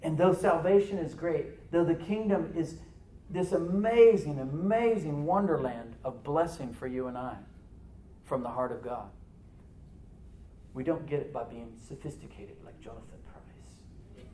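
A male pastor preaching a sermon, swinging from loud emphatic lines to hushed near-whispers. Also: on the high side, measured pace, roomy sound, slight background noise, rough recording. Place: church sanctuary.

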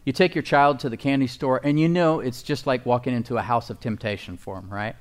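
Delivering a sermon, this pastor speaks briskly in a mid-range voice. He is folksy and emphatic, often seeking the congregation's agreement and laughing softly at what he says.

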